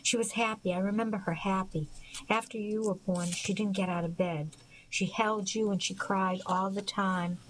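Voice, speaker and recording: A woman voicing a troubled, grieving grown man, speaking in a slow, halting, tearful way. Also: medium pitch, fairly even intonation, a little hiss or hum, lightly acted, low-quality recording.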